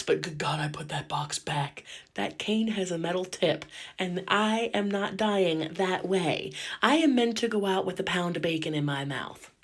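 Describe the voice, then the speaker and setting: A woman caregiver telling a story in a casual, lively and cheeky way, cussing freely. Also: mid-range voice.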